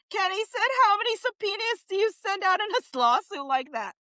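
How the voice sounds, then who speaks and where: Lively high-voiced woman, laughing in disbelief. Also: no echo, low-quality recording. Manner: laughs often, incredulous, exclaiming. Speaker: commentary streamer. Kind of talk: casual live-stream commentary, reading chat.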